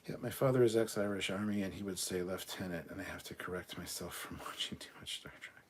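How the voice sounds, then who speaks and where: A man's voice: low-pitched, fast talker, a little hiss or hum. A man hosting a casual livestream, reading chat aloud, swearing often and laughing between remarks. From Canada.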